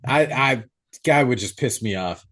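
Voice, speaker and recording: A young man co-hosting a podcast, recapping a horror movie in a profane, animated way. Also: mid-range voice, unhurried. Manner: profane, animated storytelling with acted-out quotes. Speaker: podcast co-host. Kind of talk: casual movie recap chat.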